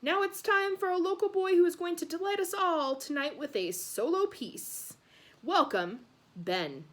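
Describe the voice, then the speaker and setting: A woman's voice: very high-pitched, animated, measured pace, fairly bright tone, pitched above the performer's own voice, exaggerated voice. A woman voicing a smarmy male dancing heartthrob host with a purring Italian accent. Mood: showy. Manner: purring, showy.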